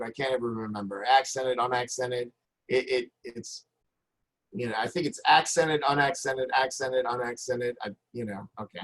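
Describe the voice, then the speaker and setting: A man's voice: mid-range voice, poor audio. Hesitant man lecturing with many fillers. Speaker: teacher. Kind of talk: recorded lecture. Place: at a computer.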